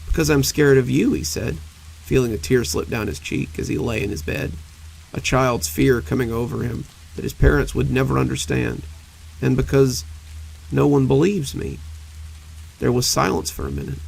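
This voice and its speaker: An older man telling cozy horror stories, his voice heavily creaky and husky. He narrates slowly and intimately, and his pitch moves in a lively way. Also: low-quality recording. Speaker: horror storyteller.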